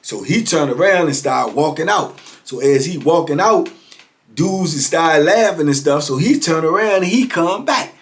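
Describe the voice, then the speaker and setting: Middle-aged male storyteller, lively and repetitive, a bit high-pitched. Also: normal speed. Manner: animated, acts out the other voices, repeats phrases. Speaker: host telling a life story. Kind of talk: casual storytelling.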